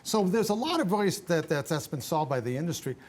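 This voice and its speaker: Animated older man giving travel tips. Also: on the high side, a little fast. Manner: animated, emphatic, restarts often. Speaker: guest travel expert. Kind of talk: radio interview talk.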